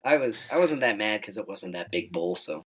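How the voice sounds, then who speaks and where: On poor audio, a teenage hunter from Wyoming, appearing as a guest, recounts a hunt at a moderate pace with a breathy edge. He animatedly performs the quoted dialogue in a higher, raised voice.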